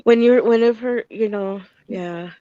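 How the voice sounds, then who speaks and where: A woman with a fairly high voice who talks very slowly in a knowing, drawn-out way during a casual chat. Her audio is dull and lo-fi and sounds completely dry. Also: clean tone, no echo.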